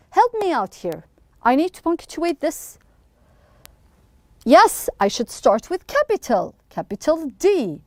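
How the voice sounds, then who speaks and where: A woman's voice: high-pitched, darkish tone, no echo. A woman teaching an English lesson to young pupils, prompting with questions and praising answers encouragingly.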